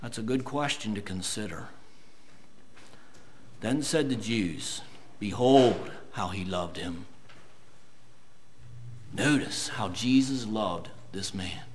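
A man preaching a sermon, reading scripture slowly and building to loud, emphatic points. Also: medium pitch, expressive, slight background noise. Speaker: pastor.

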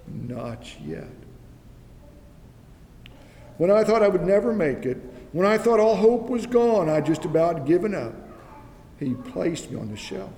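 A man's voice: sits high, creaky, warm tone, full character voice. A man voicing a suffering clay teacup that pleads and fears as it tells its tale. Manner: plaintive storytelling, rising urgency. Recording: echoey hall with faint noise.

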